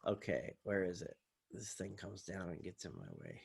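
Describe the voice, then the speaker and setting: Man, college professor, recorded online lecture, casual, rambling, thinks aloud, lowish voice. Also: big pitch swings, normal speed, creaky, a little mellow, husky.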